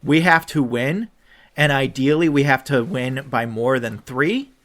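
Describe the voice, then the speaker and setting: Speaking a little slowly, a young podcast co-host goes on a casual rant full of swearing and animated outbursts, lurching from shouting loudly to muttering under his breath.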